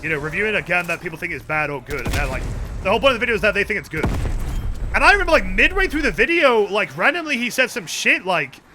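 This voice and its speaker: A man's voice: high voice, sing-song, fast, sharp tone, a little hiss or hum. A man chatting casually to his viewers while playing a game, telling rambling stories and swearing a lot. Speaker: game streamer. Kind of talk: casual live-stream chat while gaming.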